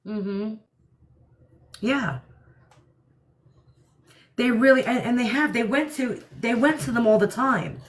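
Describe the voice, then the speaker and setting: A woman's voice: a little high, slow pace, pauses often. A woman from New Jersey with a New York-area accent, hosting a casual livestream and answering viewer comments in a blunt, opinionated way. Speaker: livestream host.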